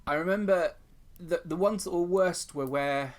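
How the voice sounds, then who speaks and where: A middle-aged male comedian, a guest on a podcast, telling bawdy stories in an animated way. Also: high-pitched, moderate pace. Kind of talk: podcast conversation, anecdotes.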